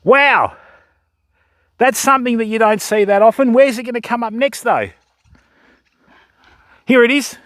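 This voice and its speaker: An excitable Australian man commentates a live stream outdoors by a river, talking straight to his viewers as fam and mate. His voice sits high for a man. The sound is dry and close, with no room around it. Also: measured pace, pauses often, dry recording. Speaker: fishing livestreamer.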